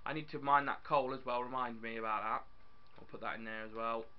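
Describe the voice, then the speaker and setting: A young man narrates his gameplay in a loose, chatty way, often bursting into excitement and talking to his viewers. His voice sits at a middle pitch. The recording sounds dull and lo-fi, like a cheap home mic. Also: a little fast, clear, resonant tone. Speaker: gaming YouTuber. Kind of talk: casual game commentary.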